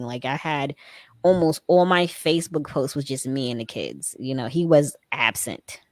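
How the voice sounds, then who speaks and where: A woman in her thirties, a former soldier and mother, telling her story in a casual interview, animated and laughing often, acting out what people said. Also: low-pitched, measured pace, no echo, studio quality. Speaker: guest, army veteran and mother.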